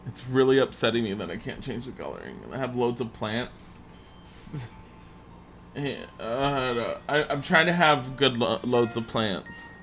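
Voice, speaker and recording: A man's voice: mid-range voice, expressive, measured pace, fairly bright tone, faint music behind. A man streaming a building game live, chatting and thinking aloud to viewers and laughing often. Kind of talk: live-streamed gameplay chat.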